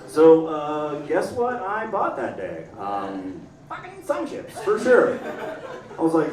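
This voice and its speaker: A young man performs stand-up on a club stage, his voice sitting a bit high and swinging wide as he acts out characters and yells punchlines. He's picked up from a distance in a roomy space, with a crowd laughing loudly behind him. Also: wildly swooping pitch, unhurried. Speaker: stand-up comedian. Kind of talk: stand-up comedy set. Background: audience laughter.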